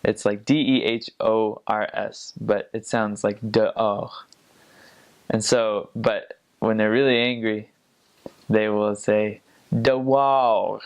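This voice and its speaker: A young man with a lowish voice telling stories from his time abroad, wandering through thoughts with lots of "like" and "um". He talks in a casual way and trails off and restarts often. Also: flat delivery, measured pace, clean tone, muffled recording. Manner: rambling, many fillers and restarts, imitates accents. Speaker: returned missionary. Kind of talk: casual storytelling.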